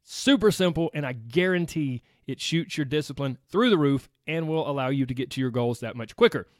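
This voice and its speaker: A man's voice: on the high side, expressive, a little fast, no echo, clean studio sound. A man with a Southern US accent hosting his own weight loss podcast, chatty and upbeat, talking straight to his listeners. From United States. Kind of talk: solo podcast monologue.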